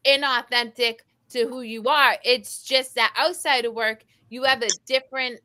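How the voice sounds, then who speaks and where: A woman hosts a casual talk show in a high, bright voice. She talks in an animated, playful way and keeps the chat moving. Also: normal speed. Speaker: host.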